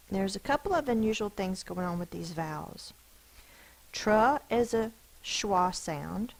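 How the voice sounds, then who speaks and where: A woman teaching a phonics lesson, slowly sounding out each letter and syllable of spelling words. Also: fairly low pitch, expressive, vocal fry, rough recording. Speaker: elementary school teacher.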